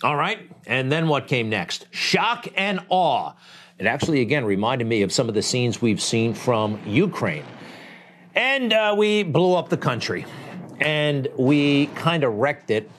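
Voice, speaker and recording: A man's voice: mid-range voice, animated, measured pace, a bit bright, a little hiss or hum. A man hosting a political commentary show, delivering a blunt, conversational monologue full of rhetorical asides. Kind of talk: opinionated talk show monologue.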